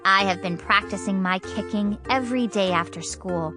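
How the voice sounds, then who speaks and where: A woman's voice: mid-range voice, normal speed, hardly any pauses, over music. A woman reading a children's audiobook in a bubbly, childlike first-person voice, in a studio. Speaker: audiobook narrator.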